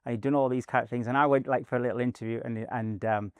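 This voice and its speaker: Brief: middle-aged man, chatty and rambling, mid-pitched, dry close sound, interview guest. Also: fast, smooth, dry recording. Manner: rambling, many fillers and restarts, animated anecdotes. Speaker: guest, performance coach. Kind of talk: casual interview storytelling.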